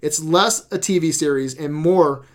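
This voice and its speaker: Animated man retelling a show, slightly high voice. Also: a little slow. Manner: animated storytelling with swearing and laughs. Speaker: podcast host. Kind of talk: casual chat.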